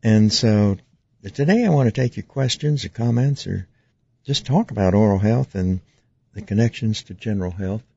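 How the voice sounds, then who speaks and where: A dentist hosts a call-in radio program, explaining patiently with plenty of fillers and restarts. His voice sits low and gravelly. The studio sound is dry and a little muffled. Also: moderate pace, dark tone, no echo. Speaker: radio talk show host, dentist.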